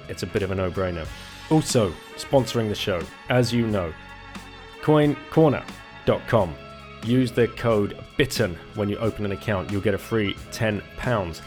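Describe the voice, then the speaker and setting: A man hosting a podcast, reading sponsor spots and chatting with a guest in an upbeat way that repeats key points. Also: fairly low pitch. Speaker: podcast host. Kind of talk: podcast intro and ad reads, casual interview.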